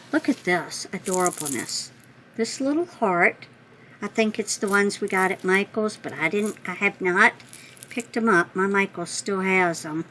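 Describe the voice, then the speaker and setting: A middle-aged woman hosting a craft channel, chatting as she opens mail, gushing and thinking out loud as she corrects herself. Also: mid-range voice, slight background noise, low-quality recording. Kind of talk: casual chat opening happy mail.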